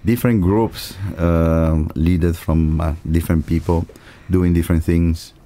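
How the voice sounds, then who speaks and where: A man with an Italian accent, an Italian native speaker, telling stories as a guest in a casual interview; a lively storyteller who acts out dialogue and laughs often. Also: low-pitched, a little slow. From Italy. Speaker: martial arts teacher, podcast guest.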